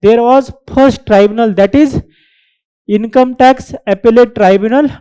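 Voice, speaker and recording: A woman's voice: on the high side, a little slow, dark tone, clear, resonant tone. A woman giving an exam-prep lecture, repeating key terms and checking in with "right?" as she explains. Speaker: exam coaching teacher. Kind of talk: current affairs lecture.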